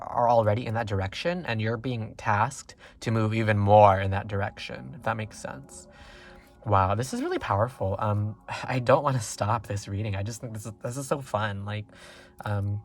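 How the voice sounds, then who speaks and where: A man does a casual pick-a-card tarot reading, rambling excitedly with lots of fillers. His pitch leaps up suddenly now and then.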